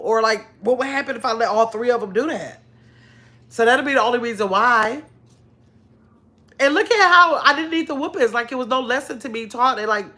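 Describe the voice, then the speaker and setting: A middle-aged woman hosts a casual livestream, telling stories, reading viewer comments aloud, and laughing often. Her voice is on the high side with a sharp tone.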